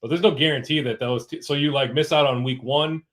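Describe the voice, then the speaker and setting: A man's voice: medium pitch, steady tone, a little fast, a bit bright. A man co-hosting a live sports chat, laid-back and hesitant, full of fillers. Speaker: co-host. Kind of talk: casual live show chat.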